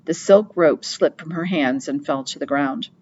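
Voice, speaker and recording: A woman narrating an audiobook in a steady, plain storytelling manner. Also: sits low, normal speed, slightly rough, lo-fi sound. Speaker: audiobook reader.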